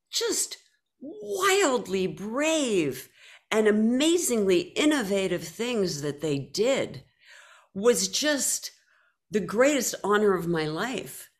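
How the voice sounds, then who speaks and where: A woman being interviewed from home over a video call, telling stories in an animated way and acting out her own past reactions. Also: mid-range voice. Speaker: guest, author. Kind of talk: conversational interview. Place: home, by a mantelpiece.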